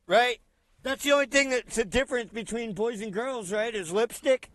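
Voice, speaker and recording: A man's voice: very high-pitched, normal speed, fairly bright tone, dry recording. A man doing reaction commentary, talking in a sarcastic, profane, ranting way.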